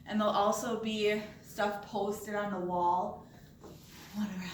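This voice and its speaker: A woman's voice: medium pitch, level tone, measured pace, a little hiss or hum. A woman demonstrating resistance band exercises for coworkers in a casual, chatty way, often checking in with "okay?" and getting a little out of breath. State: slightly out of breath. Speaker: workplace fitness instructor. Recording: echoey room, voice from far off.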